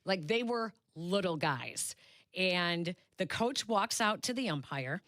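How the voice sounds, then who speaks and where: A woman's voice: fairly low pitch, slow, dry recording. Chatty woman co-hosting sports radio. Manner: animated retelling, acts out quoted voices. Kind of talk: casual radio chat, storytelling. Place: radio studio. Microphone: studio microphone.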